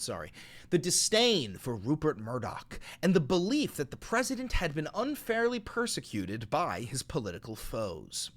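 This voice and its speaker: A man hosting a live-streamed political commentary show, reading news stories aloud and riffing on them with profanity. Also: medium pitch. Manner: animated, profane, reads news aloud then riffs.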